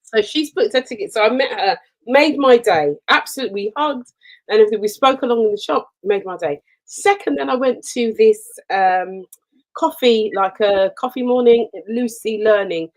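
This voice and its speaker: A woman co-hosting a radio chat show, telling personal stories in an expressive way. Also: on the high side, normal speed, rough recording. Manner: warm storytelling, expressive.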